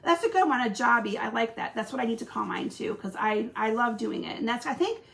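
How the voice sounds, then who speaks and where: A woman from Michigan hosting a casual live craft stream, chatting with viewers and greeting them by name. Her voice is slightly hoarse from a recent cold. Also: fairly high pitch, expressive, brisk, a bit bright.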